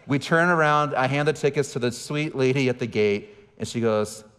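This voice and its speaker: Male pastor, 40s, candid self-mocking sermon storyteller, mid-pitched voice, long hall echo. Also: normal speed, a bit bright, clear, resonant tone. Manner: candid, self-deprecating storytelling with asides to the crowd. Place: large church auditorium.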